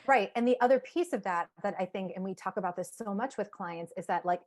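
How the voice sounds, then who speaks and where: A woman psychotherapist talking casually as a podcast guest, animated, acting out inner voices and saying "like" often. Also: mid-range voice, fairly quick. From United States.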